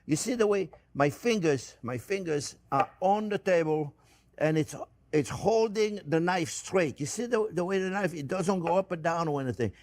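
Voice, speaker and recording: A man's voice: sits high, animated, moderate pace. A man hosting a home cooking demonstration, chatting to viewers as friends and often repeating himself as he shows each step. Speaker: cooking show host.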